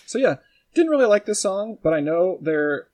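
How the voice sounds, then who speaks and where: A man's voice: sits high, big pitch swings, normal speed, darkish tone. A man co-hosting a comedy podcast, rambling and profane with lots of fillers in casual banter. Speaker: podcast co-host.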